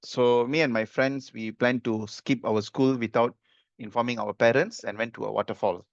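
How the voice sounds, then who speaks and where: A man's voice: mid-range voice, fairly even intonation, moderate pace, gravelly, dry recording. A man tells a story in a rambling way, full of fillers and corrections. His voice sits in the middle range. The sound is dull and dry. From Malaysia. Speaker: club speaker. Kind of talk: impromptu speech.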